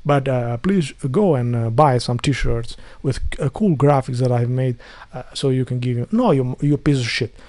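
A man's voice: mid-range voice, moderate pace, hardly any pauses, darkish tone, dry recording. A man delivering an angry ranting monologue to viewers, full of insults, repetition and stumbling restarts. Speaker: video blogger.

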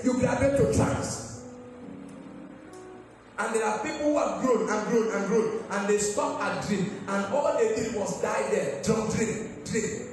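Pastor, very high voice, emphatic sing-song preaching, echoey hall from far off. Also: male voice. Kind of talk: sermon.

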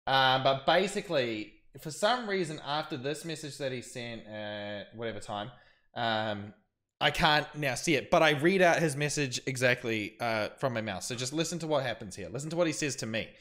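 A man's voice: medium pitch, normal speed, a bit bright. A young man, a streamer recapping an incident to camera in a rambling way full of fillers. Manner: rambling, filler-heavy storytelling.

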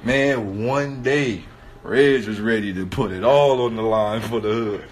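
A man's voice: fairly low pitch, measured pace. A man in his thirties telling a story in casual street slang, laughing often and repeatedly asking "right?". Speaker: host.

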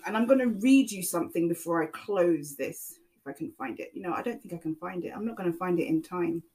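A woman's voice: on the low side, low-quality recording. A woman talking through a YouTube commentary monologue, rambling and repeating herself with frequent ums.

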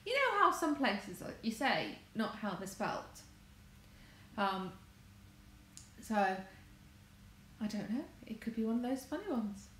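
A chatty woman from England talks to her livestream viewers, drifting from topic to topic and correcting herself mid-sentence. Her voice sits fairly high and swoops around animatedly. It is recorded in an echoey room with faint noise behind. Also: very animated, takes it slowly, pauses often, a bit bright. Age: adult, married. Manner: chatty, wandering, self-correcting. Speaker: crafts vlogger. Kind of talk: rambling casual livestream chat. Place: home conservatory.

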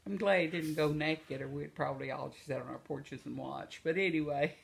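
A woman's voice: low voice, a little fast, creaky. An older woman telling funny stories in a rambling, casual way, often breaking into laughter and circling back with asides. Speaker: vlogger. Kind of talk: casual storytelling.

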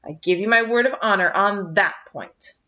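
A woman's voice: medium pitch, normal speed, pushed and bright, close to an everyday voice. An earnest, eager teenage girl, as a woman reading a storybook puts her on, her voice sitting a touch above the middle. The recording is muffled and lo-fi. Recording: dull lo-fi recording.

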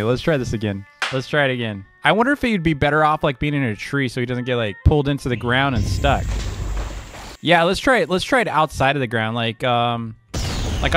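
A man giving casual, excitable gameplay commentary as a gaming video host, laughing often and breaking into sudden outbursts. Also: medium pitch. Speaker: gaming YouTuber.

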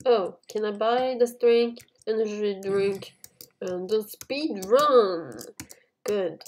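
A woman giving casual gameplay commentary to her viewers in non-native English phrasing, shouting at jumps. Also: medium pitch, takes it slowly. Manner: excitable, talks to the viewers while playing, shouts at jumps. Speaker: gaming YouTuber.

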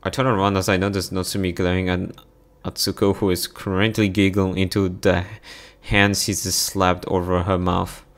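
A man reading a visual novel aloud as its narrator, in a brisk first-person voice that sometimes breaks off at his own slips. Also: low voice, flat delivery.

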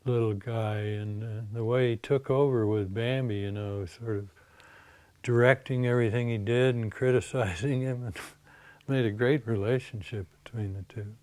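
Mellow older man reminiscing. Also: mid-range voice, fairly even intonation, normal speed, no echo. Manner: reflective, prompts his partner and chuckles. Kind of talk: reminiscing conversation.

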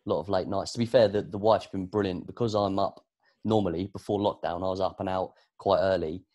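This is a British man talking as a guest on a relaxed interview podcast. His voice sits a little low, and he tells his stories in a lively, rambling way, full of fillers and restarts. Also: a little fast. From Britain. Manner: chatty, animated storytelling with frequent fillers. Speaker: podcast guest, sports producer and presenter. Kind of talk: casual conversational interview.

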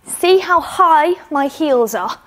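A woman's voice: sits high, lively intonation, takes it slowly, a bit bright. A young woman with a British accent coaching children through gymnastics exercises at home, encouraging and a little out of breath as she demonstrates. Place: home indoors.

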